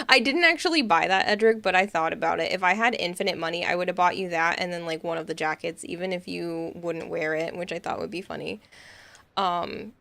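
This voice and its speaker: A woman's voice: lowish voice, moderate pace, creaky, fairly bright tone, no echo. A young adult woman streaming from home on a studio mic, chatting casually and playfully, laughing often and teasing her chat. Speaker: game streamer. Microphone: studio mic with pop filter.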